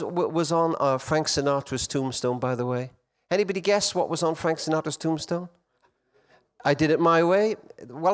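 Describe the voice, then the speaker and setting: Addressing a hall of men from a stage, a middle-aged conference speaker tells stories in a fairly high voice for a man, his pitch rising and falling very freely. He alternates between loud emphasis and near-hushed lines.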